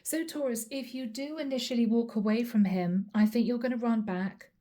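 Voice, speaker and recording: Speaking at a moderate pace in a slightly high voice with a dark tone, a European tarot reader chats to camera. She addresses her audience as "guys" and performs the lines she quotes.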